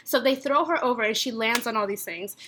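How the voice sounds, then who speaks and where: A young woman with a high, bright voice tells a chaotic story to friends on a podcast. She talks in an animated, casual way, laughs often and fills her lines with "like". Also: a little fast, slight background noise. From San Antonio, Texas. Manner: animated, laughing, heavy use of "like". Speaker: podcast guest.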